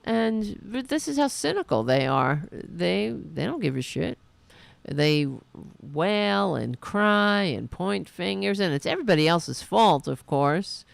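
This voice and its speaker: A woman host delivers a political commentary rant with a heavily gravelly, fry-laden voice. She talks slowly and deliberately, with indignant, sarcastic jabs and plenty of profanity. The sound is dry and close, with no room around it. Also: medium pitch, no room sound. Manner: mocking quoted voices. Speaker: podcast host.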